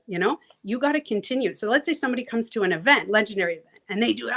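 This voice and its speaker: Animated woman coach, laughs easily. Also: fairly high pitch, rapid-fire. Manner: animated, acts out inner voices, laughs easily, swears casually. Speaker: transformation coach, guest. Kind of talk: casual interview talk.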